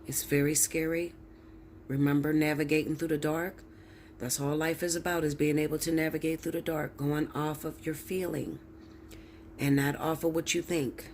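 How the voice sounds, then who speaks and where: A woman's voice: low-pitched, level tone, normal speed, darkish tone, a little hiss or hum. A woman tarot reader ranting straight to her viewers, blunt, preachy and heavy with swearing. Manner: blunt, profane, emphatic, preachy. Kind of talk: ranting direct-to-camera monologue.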